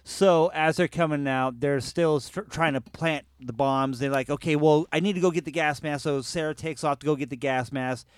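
A man's voice: fairly high pitch, normal speed, few pauses, clean tone, no room sound. A man co-hosting a podcast, animatedly retelling a film scene by scene and correcting his co-host. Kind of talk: casual movie recap chat.

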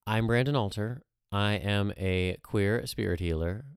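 A man with a very low voice who co-hosts a podcast and tells stories in a chatty, animated way. The sound is dry and close, recorded on a studio mic in a dead room. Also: unhurried, clear, resonant tone, dry recording. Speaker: podcast co-host. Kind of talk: casual chat.

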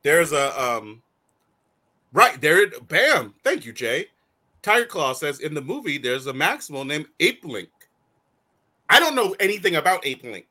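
A man co-hosting a fan talk show in casual chat, animated and rambling, with many restarts and frequent laughs. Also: fairly high pitch, a little slow. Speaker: co-host of a call-in fan show.

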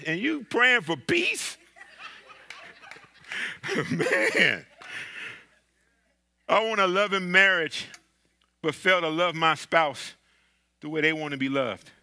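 A man's voice: high voice, pushed and bright. A male pastor giving a conversational sermon in a church, mixing candid asides and humor into his preaching. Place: church sanctuary.

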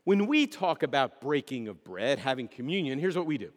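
A man's voice: mid-range voice, big pitch swings, fairly quick. A middle-aged male pastor preaching a conversational sermon, joking and putting questions to the congregation. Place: church sanctuary. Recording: long hall reverb.

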